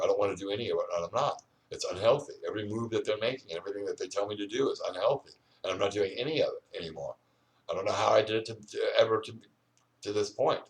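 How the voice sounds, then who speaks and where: Older man, quick rambling rant, lower voice, a bit off-mic outdoors. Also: distant mic. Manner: ranting, repetitive, fillers "you know". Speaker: vlogger.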